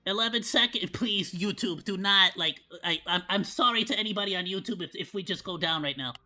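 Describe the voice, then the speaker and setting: Man in a bright, high put-on monkey voice. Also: fairly quick, faint music behind. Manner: rambling, lots of fillers and restarts. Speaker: VTuber streamer. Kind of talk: casual reaction stream.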